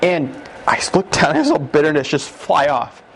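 A man giving an emotional testimony as a guest, retelling it with excited, animated emphasis that jumps up at key moments. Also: on the high side, normal speed, gravelly, a little hiss or hum.

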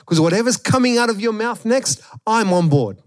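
A man's voice: mid-range voice, brisk, a little mellow, no echo, studio quality, close to an everyday voice. A pastor voicing a healed blind man who speaks up boldly and eagerly.

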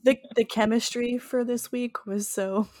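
A woman's voice: a little high, steady tone, measured pace, darkish tone. A woman with a southern New Jersey accent, co-hosting a casual podcast chat in an easygoing, giggly way. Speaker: podcast co-host.

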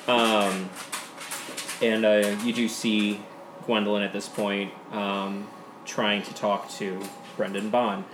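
Hesitant game master, roomy sound. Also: male voice, on the low side, flat delivery, takes it slowly. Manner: hesitant, many fillers. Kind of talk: narrating a tabletop game. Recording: roomy, background noise.

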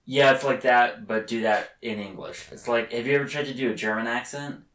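A man's voice: steady tone, brisk, a bit bright. A man hosting a casual podcast, joking and laughing, often restarting his lines. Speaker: podcast host. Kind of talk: casual chat. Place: bedroom. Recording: roomy, distant low-quality recording.

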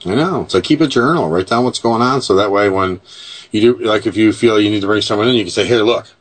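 A man with a lowish voice hosts a relaxed conversation. He rambles, circles back and restarts his sentences as he thinks aloud. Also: fast, a little hiss or hum. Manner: rambling, many fillers and restarts. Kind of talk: casual conversation.

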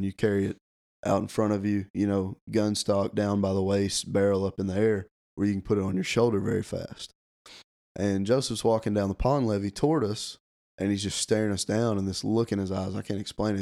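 Young guy telling a story, lowish voice, acts out the lines. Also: creaky. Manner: animated storyteller, acts out quotes. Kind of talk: casual storytelling.

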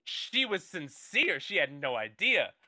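A man co-hosting a comedy show, pitching an improvised action movie in a rambling, playful way, often restarting his sentences. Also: big pitch swings, unhurried, bright, forceful tone. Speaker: comedy podcast co-host.

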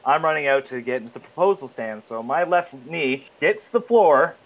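A man's voice: a little high, moderate pace, low-quality recording. Rambling young man with lots of restarts. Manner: rambling and animated, full of fillers and restarts. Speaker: stage actor guest. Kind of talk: casual interview.

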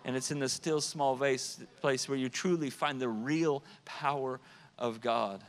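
A man's voice: mid-range voice, fairly even intonation, unhurried. A man preaching a sermon, emphatic, shifting his pace and volume for effect and repeating words as he builds a point. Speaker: pastor.

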